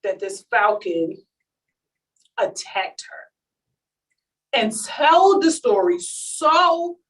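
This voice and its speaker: A woman giving a talk at a launch event, telling a comic story in an animated way and acting out the quotes. It is recorded on a distant mic at an event. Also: a little high.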